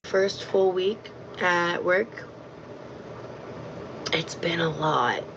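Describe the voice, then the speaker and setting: A woman's voice: fairly low pitch, extremely slow, a bit bright. A tired woman chatting on a livestream, rambling and hesitant with many fillers. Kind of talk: casual livestream chat. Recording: dull lo-fi stream audio with faint noise.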